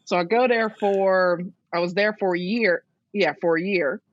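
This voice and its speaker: A woman's voice: mid-range voice, normal speed, no room sound. A woman in her thirties, a strength coach telling stories in a casual interview, acting out other people's lines with laughter. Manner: lively, acts out others' words in a raised voice, laughs often. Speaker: strength and conditioning coach, guest. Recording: dull, dry lo-fi audio.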